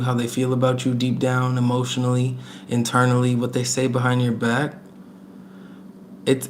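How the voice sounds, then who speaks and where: A man's voice: mid-range voice, a little hiss or hum. Chatty man giving a casual tarot reading. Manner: chatty, emphatic, repeats words, laughs between points. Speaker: tarot reader.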